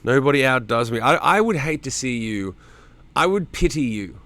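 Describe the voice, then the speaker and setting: A man's voice: medium pitch, expressive, normal speed, pushed and bright. A middle-aged man hosting a loose livestream from home, chatting with viewers by name and swearing freely. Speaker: streamer hosting a live chat. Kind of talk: casual livestream chat reading viewer comments.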